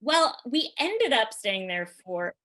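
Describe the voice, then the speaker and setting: Brief: woman guest, bright and fairly high voice, chatty comic storyteller who rambles. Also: sing-song, slow. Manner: chatty, rambling with many fillers and laughs. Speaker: podcast guest.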